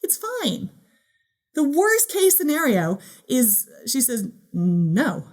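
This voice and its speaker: A woman giving a motivational keynote talk in a playful, animated way, acting out the voice in her head. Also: a little high, takes it slowly. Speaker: keynote speaker.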